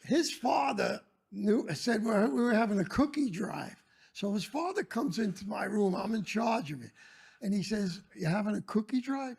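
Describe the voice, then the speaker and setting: An older former teacher, telling stories in casual talk, loud and animated, bursting into shouts. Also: male voice, high voice, moderate pace, gravelly, slightly rough.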